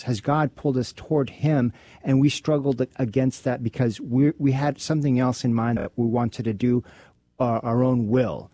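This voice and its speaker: Halting male radio co-host, mellow tone. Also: mid-range voice, no room sound. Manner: halting, many restarts. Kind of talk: casual chat about faith. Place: radio studio.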